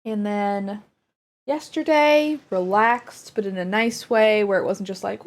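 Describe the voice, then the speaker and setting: In a mid-range voice at a normal speed, a US woman makes casual conversation with her stream viewers. Between subjects she turns to talk baby talk to her dog.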